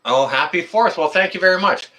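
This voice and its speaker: A Canadian man hosts a casual live stream in a high-pitched, pushed, bright voice, speaking a little fast. He greets viewers by name, friendly and rambling, with lots of fillers.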